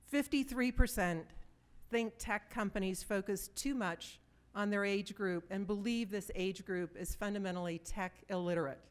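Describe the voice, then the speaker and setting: A woman in her fifties speaks from a conference stage to a live audience. Her voice is smooth and clear, sitting at an ordinary middle pitch. She talks in an easy, conversational way, mixing stories with direct questions to the listeners. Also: moderate pace.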